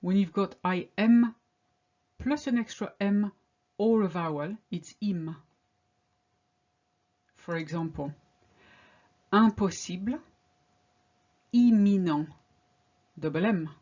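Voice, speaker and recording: A woman teaching a pronunciation lesson, drilling example words one at a time with slow, careful delivery. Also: mid-range voice, mellow, muffled recording. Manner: slow, deliberate word-by-word drilling. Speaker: French teacher.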